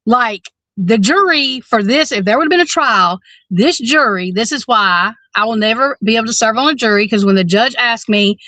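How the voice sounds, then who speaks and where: A woman in her forties talks through a criminal case on a podcast, blunt and worked up, cursing and restarting her thoughts. Her voice sits a little high and the sound is dry and close, with no room around it. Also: animated, normal speed, pushed and bright, no room sound. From Alabama. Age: 40s. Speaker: podcast co-host. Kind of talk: casual true-crime discussion.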